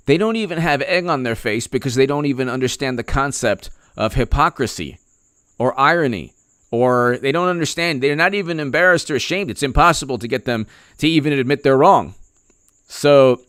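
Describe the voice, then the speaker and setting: A man's voice: mid-range voice, a bit bright, smooth, no room sound, clean studio sound. A male political commentator ranting in a sarcastic, mocking way, often laughing. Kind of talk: opinion vlog rant.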